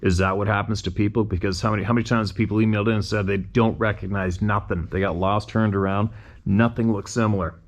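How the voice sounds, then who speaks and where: A man's voice: lowish voice, fairly even intonation, fast. A man hosting a show, reading listener emails aloud and breaking off to muse on them in a conversational way with rhetorical questions.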